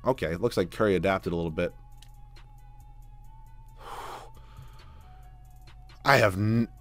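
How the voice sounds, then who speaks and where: A young man giving live video game commentary, exasperated and swinging from low muttering to loud yelling. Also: no room sound. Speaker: gaming YouTuber. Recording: dry close mic with faint background music.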